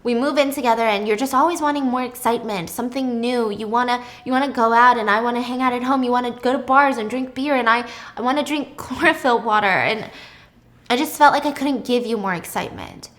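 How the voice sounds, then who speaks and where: A woman's voice: on the high side, fast talker, fairly bright tone, lightly acted. A woman voicing an upset young man who scolds his girlfriend in a retold story. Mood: apologetic.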